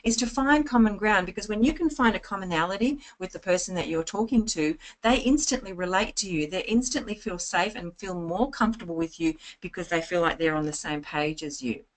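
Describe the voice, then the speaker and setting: A middle-aged woman with a somewhat low-pitched voice gives a business training talk. She speaks in a chatty way, weaving in personal stories and acting out both sides of conversations. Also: a little fast, hardly any pauses.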